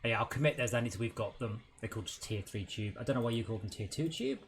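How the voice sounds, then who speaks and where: A man's voice: lowish voice, expressive, fast, slight background noise. A young man, a game developer, chatting casually on a livestream while he works, thinking aloud and often trailing off mid-sentence. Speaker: game developer streaming his work.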